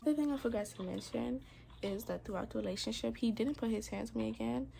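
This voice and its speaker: A woman's voice: a little high, fast talker, gravelly, warm tone, slight background noise. A young adult woman telling her own story in a personal vlog, candid and earnest, with casual slang. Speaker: vlogger.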